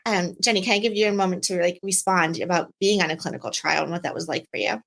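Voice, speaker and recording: A woman's voice: on the low side, fast talker, vocal fry, a bit bright. Upbeat woman podcast host. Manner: upbeat, encouraging. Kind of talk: interview.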